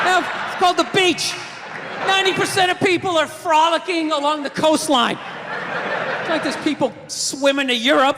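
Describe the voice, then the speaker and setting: A man's voice: very high-pitched, fairly even intonation, moderate pace, big-room sound, noisy background. A man doing stand-up, ranting and mocking know-it-alls in a sneering voice. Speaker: stand-up comedian. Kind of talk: stand-up routine.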